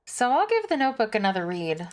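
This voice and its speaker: A woman's voice: a little high, wildly swooping pitch, quick pace. A woman streamer reading a game's dialogue aloud and making casual asides.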